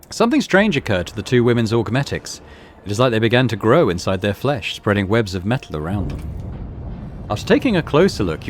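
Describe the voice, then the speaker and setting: A man's voice: fairly low pitch, a little hiss or hum. A man playing through a role-playing game, reading its text aloud with casual asides. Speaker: gaming YouTuber.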